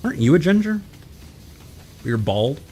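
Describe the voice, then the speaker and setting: An American man chats and jokes with a friend while streaming a game. His voice swings up and down with animated pitch, and faint music sits underneath. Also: unhurried. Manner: teasing, joking. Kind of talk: casual chat while gaming.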